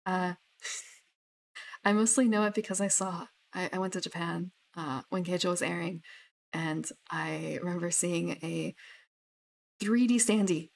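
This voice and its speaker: This young tabletop gamer speaks in a lowish, creaky voice, unhurried and with long pauses. She rambles casually about her characters, with many fillers and restarts.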